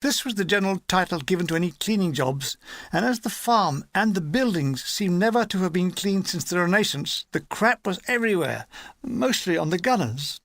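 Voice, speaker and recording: Lively man reading a war memoir. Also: high voice, moderate pace, no echo, studio quality. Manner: lively, animated reading with put-on character voices. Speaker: audiobook reader. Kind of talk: audiobook narration of a war memoir.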